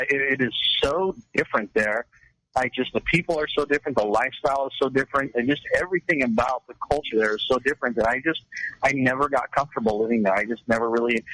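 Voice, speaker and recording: Quick talking guy on a radio talk show, bright tense voice, lots of restarts. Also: mid-range voice, rough recording. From California. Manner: chatty, lots of restarts and laughs.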